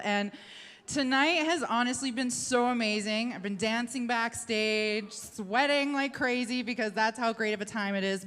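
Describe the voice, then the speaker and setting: A woman's voice: fairly high pitch, fairly bright tone. A woman hosting an awards show on stage, upbeat and chatty as she introduces a guest. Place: large hall at an awards show. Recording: long hall reverb.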